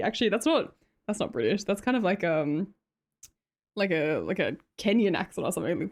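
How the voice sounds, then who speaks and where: A woman's voice: mid-range voice, very animated, unhurried, a little mellow. A young Australian woman live streamer chatting casually and giggling as she reads her chat aloud into a desk mic. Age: young adult.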